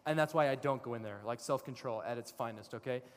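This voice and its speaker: A man in his thirties preaching a sermon to a congregation, switching into lively storytelling with voiced characters. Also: medium pitch, fast talker. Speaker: pastor. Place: church sanctuary. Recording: long reverb of a large hall.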